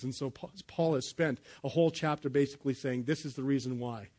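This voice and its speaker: A man preaching a sermon in a church, retelling Bible stories in a lively, casual way and acting out the characters' lines in modern slang. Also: mid-range voice, brisk, hardly any pauses. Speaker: pastor. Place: church sanctuary.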